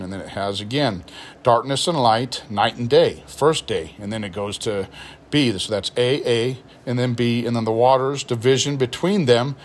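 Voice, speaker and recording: A man of ordinary pitch, a pastor, giving a relaxed show-and-tell of a study Bible and reading its notes aloud. Faint background noise sits under his voice. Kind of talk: Bible unboxing review.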